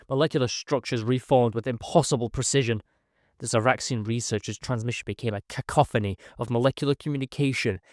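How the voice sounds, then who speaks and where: A man reading a first-person science fiction story in a measured, dramatic storytelling manner. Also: lowish voice, no room sound, studio quality. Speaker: narrator. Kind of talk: scripted first-person sci-fi narration.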